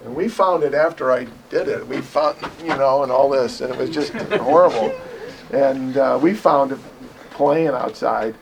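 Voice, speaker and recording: A man's voice: medium pitch, moderate pace, creaky, slight background noise, low-quality recording. A man preaching a conversational sermon, telling personal stories with laughter and acting out what people said. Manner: storytelling, animated, acts out quotes with laughter. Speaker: pastor.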